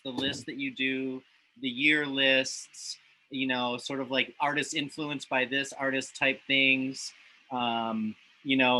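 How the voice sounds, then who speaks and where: A male podcast host with a very bright, sharp voice leads a casual interview. He speaks earnestly but haltingly, stumbling and repeating words. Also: mid-range voice, rough recording.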